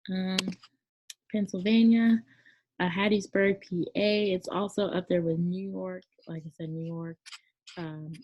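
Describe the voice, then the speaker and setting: In a dull, lo-fi, dry recording from near Memphis, Tennessee, a woman with a lowish voice teaches a casual lesson at an unhurried pace. Her intonation stays fairly even while she chats, rambles, and keeps fixing her own words amid many fillers.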